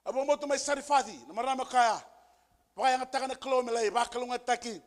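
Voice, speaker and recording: A male pastor preaching a sermon with emphasis, repeating key phrases and building to shouted peaks. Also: very high-pitched, quick pace. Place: church service.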